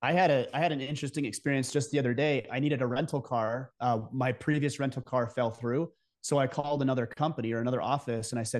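A man's voice: medium pitch, fast, a little mellow. A man speaking as a guest on a podcast, giving direct, emphatic advice in casual interview talk.

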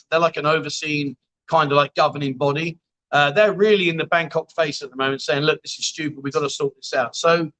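A man's voice: fairly high pitch, a bit bright, poor audio. A man hosting a casual livestream, reading out viewer comments with blunt, jokey banter and the odd swear word. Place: bar venue.

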